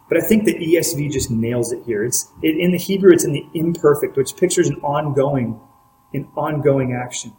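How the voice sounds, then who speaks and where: A man's voice: a little high, darkish tone, a little hiss or hum. Earnest preacher man in a roomy space. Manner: earnest preaching with direct questions to listeners. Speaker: pastor. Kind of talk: sermon. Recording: roomy echo.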